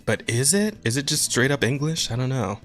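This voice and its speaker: A man's voice: medium pitch, very animated, brisk, fairly bright tone, faint music behind. A young man co-hosting a casual podcast, talking about games in an enthusiastic, rambling way, swearing and laughing often. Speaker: podcast co-host.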